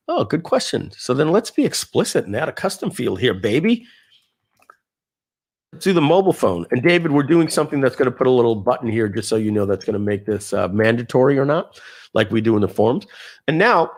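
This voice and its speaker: A man giving a casual live software demo, talking viewers through settings with fillers and asides. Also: medium pitch. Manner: lively, conversational, with frequent fillers and asides. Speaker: software trainer.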